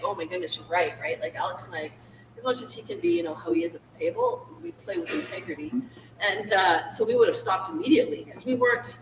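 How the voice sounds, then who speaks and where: A woman with a high, lively voice tells a casino story in a chatty way, often checking in with "right?". She is set back from the mic in an echoey room with steady background noise. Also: distant mic. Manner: chatty, tags lines with "right?". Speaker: casino dealer, podcast co-host. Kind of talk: casual storytelling.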